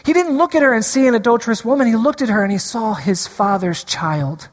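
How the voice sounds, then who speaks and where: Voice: medium pitch, lively intonation, brisk, big-room sound. A preacher delivering a sermon, repeating key lines for emphasis and drawing the congregation in.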